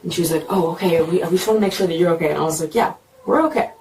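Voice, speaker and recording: A young woman telling a police officer what happened, talking fast and filling her story with "like" and acted-out quotes, recorded on a bodycam. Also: on the low side, fairly even intonation, darkish tone. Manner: fast, repeats "like", acts out quotes. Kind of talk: retelling events to an officer. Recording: noisy bodycam audio from a distance.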